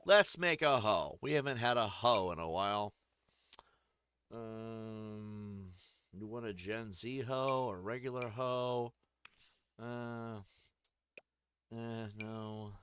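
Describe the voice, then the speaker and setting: A man's voice: lowish voice, fairly even intonation, takes it slowly, pauses often, fairly bright tone, a little hiss or hum. A man giving rambling, joking, profane let's-play commentary while playing a game. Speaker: gaming streamer.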